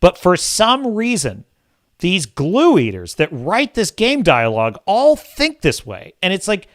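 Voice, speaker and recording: Dude ranting on his live show, swooping pitch, super dry close sound, crude and sarcastic. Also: wildly swooping pitch, unhurried, no echo. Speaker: podcast host. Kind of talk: casual live-show rant.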